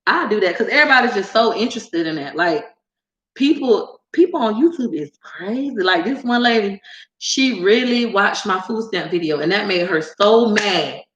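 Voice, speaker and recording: Animated slangy woman vlogger, echoey room. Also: mid-range voice, normal speed, dull audio. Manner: animated, slangy storytelling, laughs often. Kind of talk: casual chat.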